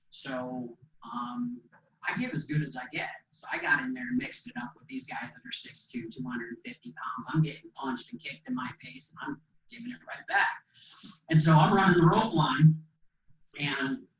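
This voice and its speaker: A man from Minnesota giving an inspirational keynote speech as a motivational speaker, an animated storyteller who acts out the dialogue. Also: mid-range voice, slight background noise. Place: presentation hall. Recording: echoey hall, distant mic, dull sound.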